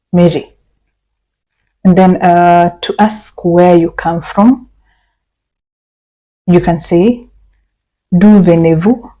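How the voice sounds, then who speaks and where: A woman's voice: on the low side, warm tone, dull audio. A woman from Kenya teaching a beginner French lesson, patiently explaining and repeating example phrases step by step. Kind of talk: language lesson.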